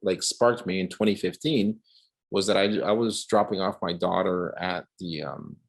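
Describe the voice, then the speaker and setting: A man giving a casual artist talk over a video call, telling animated stories full of restarts and acted-out quotes. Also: low voice, moderate pace, gravelly, a little hiss or hum. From Cuba. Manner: animated, many restarts, acts out quoted voices. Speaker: guest artist.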